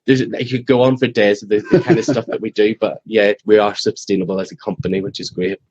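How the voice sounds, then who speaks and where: A man's voice: lowish voice, flat delivery, quick pace, a little mellow, breathy edge, lo-fi sound. A man from Ireland with a thick Irish accent, chatting in a rambling, easygoing way as an interview guest. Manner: chatty, rambling, laughs easily. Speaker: restaurant staff guest. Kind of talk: casual interview.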